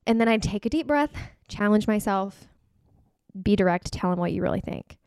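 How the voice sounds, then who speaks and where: A woman's voice: mid-range voice, expressive, normal speed, a little mellow, clean tone, no room sound, clean studio sound. A woman hosting a casual podcast conversation, telling candid personal stories. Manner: candid, storytelling. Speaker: podcast host.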